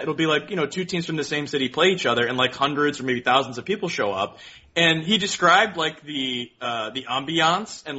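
A man tells stories in a casual podcast chat, laughing often and jumping up in pitch when he quotes people. His voice is bright and forceful and sits a little high. The recording is dull and lo-fi. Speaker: podcast co-host. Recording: dull lo-fi audio.

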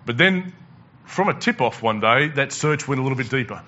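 A man's voice: medium pitch, animated, brisk, few pauses, sharp tone, muffled recording. A male pastor preaching a conversational sermon, asking the congregation questions and repeating words as he goes.

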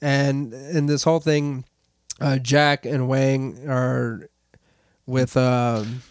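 A man casually recapping a movie plot with friends, relaxed and a bit profane. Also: medium pitch, very slow, dry recording, clean studio sound. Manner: laid-back, recapping, profane.

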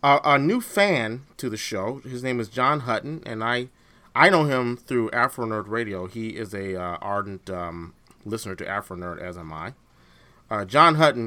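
Male podcast co-host, casual and halting, bright tone. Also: on the low side, expressive. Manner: hesitant, many fillers and restarts. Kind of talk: casual chat.

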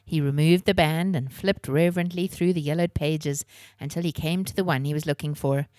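A woman's voice: low-pitched, fairly even intonation, brisk, a little mellow, no echo, studio quality. A woman hosting a children's podcast and reading a novel aloud. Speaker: podcast host and reader.

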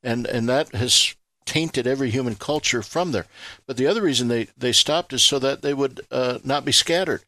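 A man's voice: medium pitch, moderate pace, sharp tone, dry recording. A man explaining scripture on a Christian radio talk show, expansive and preacherly, building to emphatic rhetorical questions. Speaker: ministry leader guest.

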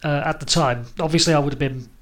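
A man's voice: fairly high pitch, fairly even intonation, quick pace. A man in his forties chatting as podcast co-host, hesitant and self-deprecating with many ums. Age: 40s. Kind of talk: casual chat.

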